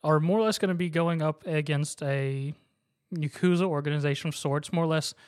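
Animated man recapping an anime. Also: a little high, a little fast. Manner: animated recapping, acts out characters' lines. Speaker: co-host. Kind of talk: casual podcast chat.

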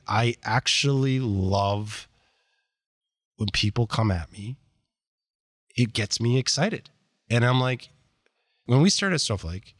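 A man, a company executive as interview guest, telling candid stories in a blunt, animated way and acting out quoted dialogue. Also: medium pitch, no room sound, clean studio sound. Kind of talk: candid conversational storytelling.

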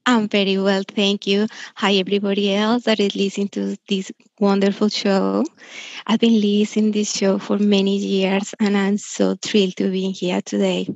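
A forty-year-old woman calling in to a show, speaking politely, earnestly and a little haltingly. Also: mid-range voice, monotone, gravelly, darkish tone, dry recording. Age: 40s. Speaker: caller. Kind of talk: call-in conversation. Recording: dull dry lo-fi line.

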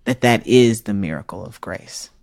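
A woman guest in a reflective conversation, speaking in a measured, thoughtful way. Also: rumbling low, lively intonation, creaky, darkish tone, dry recording. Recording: dry close mic.

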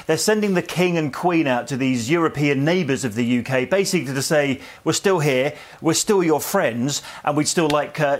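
A man working as a royal news editor, reporting live on location in a chatty, conversational way with occasional hesitations. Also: a little high. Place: on location abroad.

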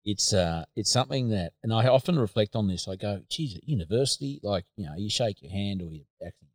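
A man's voice: fairly low pitch, fast talker, darkish tone, no echo. A man with an Australian accent hosting a podcast, talking reflectively and hesitantly, with many fillers and restarts. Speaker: podcast host. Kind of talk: casual conversational interview.

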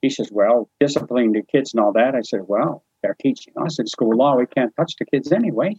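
Talking a little fast in a mid-range, slightly rough voice, a New Brunswick man recounts a personal story for an interview about his life. He's a lively, informal storyteller who voices the dialogue and chuckles frequently, captured in a dry, slightly muffled recording.

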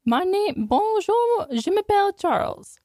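A woman's voice: fairly high pitch, very animated, takes it slowly, vocal fry, husky, dry recording, studio quality, full character voice. A woman voicing a small male dog with a sing-song French put-on accent. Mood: playful.

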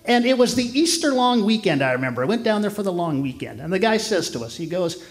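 A man's voice: high voice, very animated, fast. A man from Canada performing a stand-up set in a theatre, chatty, wry and self-deprecating. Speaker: stand-up comedian. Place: theatre stage before a live audience. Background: audience laughter.

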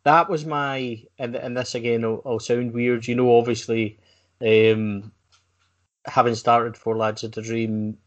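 A man hosting a podcast, talking in a casual, halting way with fillers. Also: medium pitch, little pitch movement, lo-fi sound. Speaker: podcast host. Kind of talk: casual chat.

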